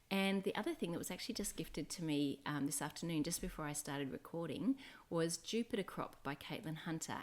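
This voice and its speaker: A woman hosting a knitting podcast, chatting casually to camera in a meandering way that keeps correcting itself and drifting off track. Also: low voice.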